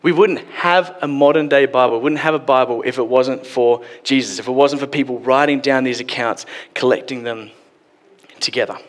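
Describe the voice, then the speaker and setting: A man's voice: medium pitch, moderate pace. A man preaching a sermon in a church, casual and joking, acting out quotes as he goes. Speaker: pastor. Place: church hall. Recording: long hall reverb.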